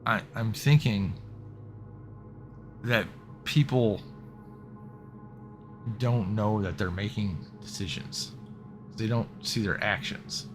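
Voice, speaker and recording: A man's voice: on the low side, slow pace, long pauses, over music. A man in casual conversation, talking hesitantly and stammering, repeating words as he thinks.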